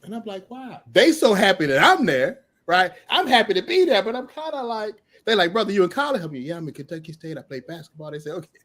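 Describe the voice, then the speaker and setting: A middle-aged man telling his story with lots of energy. His voice sits a little high for a man. He laughs often and acts out the people in the tale. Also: sing-song, fast, a bit bright. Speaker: podcast guest telling his testimony. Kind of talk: animated storytelling.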